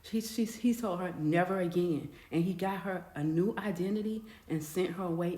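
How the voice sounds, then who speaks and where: A woman casually narrating a dramatic story in a chatty, animated way. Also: fairly low pitch. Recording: echoey room.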